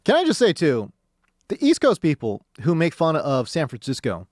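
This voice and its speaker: Animated, ranting sports radio host, a man. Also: on the high side, normal speed, no echo, studio quality. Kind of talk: sports talk radio monologue. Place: radio studio.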